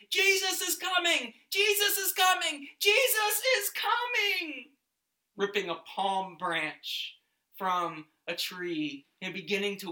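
A man's voice: a little high, bright, forceful tone, roomy sound. A man reading scripture and leading a guided reflection, asking listeners to picture the scene. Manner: slow, questioning, invites listeners to imagine. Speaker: devotional video host.

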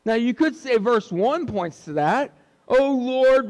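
A man's voice: extremely high pitch, lively intonation, slow pace, big-room sound. A man preaching a sermon in an earnest way, repeating key points for emphasis.

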